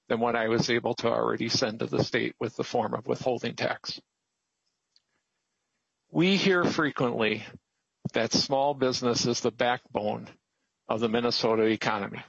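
A man with a gravelly, husky voice makes an emphatic, pleading case before a committee. The sound is dry and muffled, like a lo-fi hearing feed. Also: medium pitch, moderate pace, pauses often, a bit bright, dry recording. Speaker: testifier, business owner. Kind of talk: formal public testimony.

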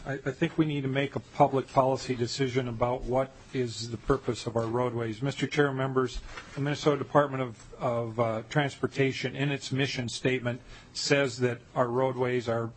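A man's voice: medium pitch, slight background noise, poor audio. A man giving formal closing remarks on his bill at a committee hearing. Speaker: legislator.

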